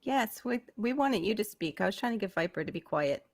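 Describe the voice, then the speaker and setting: A woman hosting a livestream call, laughing often and teasing her guests. Her voice is mid-pitched and sounds dry and close over a home computer mic. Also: expressive, a little fast, vocal fry, dry recording. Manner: laughs easily, friendly teasing. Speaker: livestream host. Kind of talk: casual group chat.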